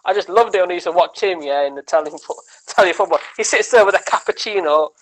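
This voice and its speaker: A man chats on a podcast as a guest comedian, telling animated stories. He rambles and restarts his sentences, often tagging them with "right?" and "man". His voice sits a little on the high side. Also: fast, low-quality recording. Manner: chatty, tags lines with "man" and "right?". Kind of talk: casual podcast chat.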